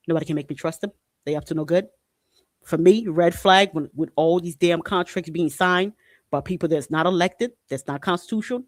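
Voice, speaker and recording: A man with a somewhat high voice talks through news articles on his podcast. He is blunt and indignant, curses freely and circles back to the same point again and again. The sound is close and dry. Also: dry recording. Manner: blunt and indignant, swears, repeats himself. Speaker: podcast host. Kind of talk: casual commentary on news articles.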